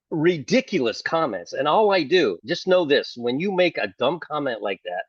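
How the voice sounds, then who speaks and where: A man's voice: mid-range voice, no room sound, highs cut off. An older man preaching casually to camera, sarcastic and fond of mocking others in put-on voices. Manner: sarcastic, mimics opponents in mock voices. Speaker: online preacher.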